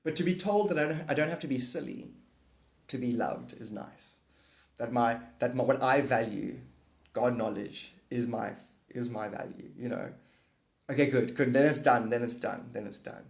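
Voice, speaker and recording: A man's voice: medium pitch, normal speed, creaky. Rambling, profane male livestreamer. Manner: rambling, profane, swinging between mutters and excited outbursts. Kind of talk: casual livestream rant. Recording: echoey room.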